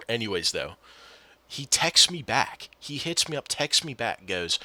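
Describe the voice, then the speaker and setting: A man's voice: on the low side, big pitch swings, moderate pace, sharp tone. A man telling a gaming story in a casual, exasperated rant, often swearing and replaying what others said. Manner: exasperated, profane, retells quotes.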